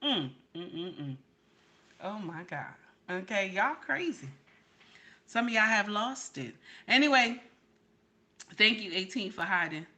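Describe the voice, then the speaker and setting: Sassy bright-voiced woman commenting. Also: medium pitch, very animated, measured pace, pauses often. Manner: sassy, incredulous, repeats her points. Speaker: reaction commentator. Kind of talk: reaction commentary.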